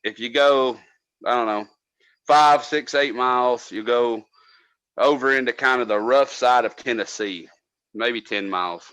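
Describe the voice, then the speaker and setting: A man in his own casual storytelling voice, mid-pitched and swearing freely. The sound is dry and close to the mic, with no room around it. He gets loud and animated whenever he quotes someone. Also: measured pace, smooth, dry recording, low-quality recording. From North Georgia. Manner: profane, animated, acts out quotes loudly. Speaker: podcast co-host, former cable tech.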